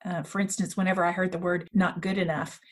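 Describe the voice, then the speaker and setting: A woman's voice: fairly low pitch, little pitch movement, fast. A middle-aged woman, an author and coach, talking earnestly in a casual interview and telling stories about her life. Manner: earnest, reflective, storytelling. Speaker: author and women's coach, guest. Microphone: remote call.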